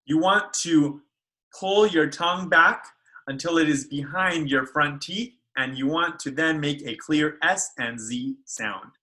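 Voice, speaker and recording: Slow, clear-voiced man teaching speech sounds. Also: on the high side, sharp tone, poor audio. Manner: slow, careful modeling of sounds. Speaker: speech therapist. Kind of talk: instructional video lesson. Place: school.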